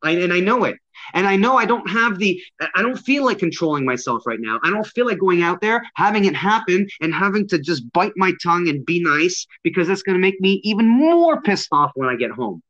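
A man's voice: high voice, sing-song, a little fast, a bit bright. Man, self-defense instructor, casual talk, blunt, emphatic, swears a lot, dull lo-fi sound. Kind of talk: casual podcast conversation.

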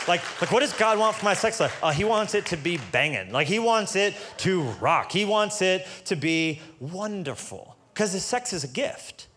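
A man's voice: a little high, fairly bright tone. A male pastor preaching a casual, joking sermon in street-level language, building to emphatic peaks.

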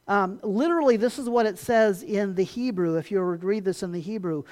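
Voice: mid-range voice, a little fast, a little mellow. Conversational preacher with stammered restarts. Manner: acts out dismissive replies in dialogue. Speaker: pastor. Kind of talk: sermon.

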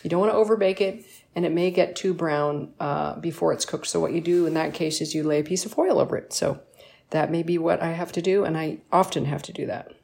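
A woman's voice: low-pitched, steady tone, brisk, gravelly, a little mellow. A woman hosting a casual home baking vlog in her kitchen, chatty and enthusiastic, with lots of ums and appreciative mms. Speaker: baking show host.

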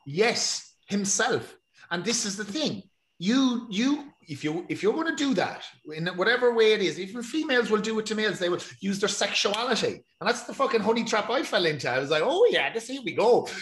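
A man's voice: sits high, sing-song, brisk, fairly bright tone. An Irish man in casual chat, rambling and swearing freely as he tells stories. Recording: echoey room.

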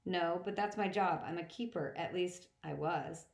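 A woman's voice: lowish voice, normal speed, gravelly. A woman reading the part of a nervous, apologetic young male satyr in an audiobook, with a hesitant manner, in a roomy echo. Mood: anxious.

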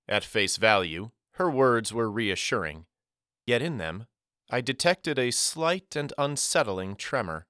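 Man, audiobook narrator, first-person story, wry and measured, smooth clear voice, dry close sound. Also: medium pitch, sing-song, bright, forceful tone, no echo.

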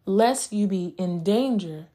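A woman's voice: mid-range voice, lively intonation, slow, warm tone. A woman hosting a faith-based podcast, speaking in a fervent, preaching manner and addressing her listeners directly. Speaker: podcast host.

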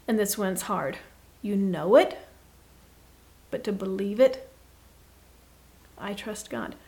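A woman guest giving an earnest, reflective faith talk, often dropping to a soft hush. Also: medium pitch, animated, slow pace. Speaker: podcast guest.

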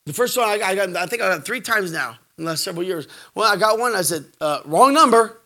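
A middle-aged man preaching a sermon, animated, swinging from shouts to hushed asides and jokes. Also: sits high, fast talker, hardly any pauses.

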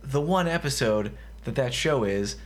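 A man chatting casually as a podcast co-host. He jumps in with quick, animated reactions, and his pitch moves a lot. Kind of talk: casual chat.

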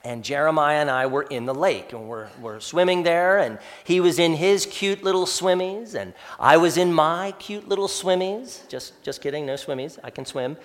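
A man's voice: on the high side, animated, moderate pace, hardly any pauses. A man preaching a sermon as pastor, talking conversationally and often addressing listeners as folks. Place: church sanctuary. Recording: long hall reverb.

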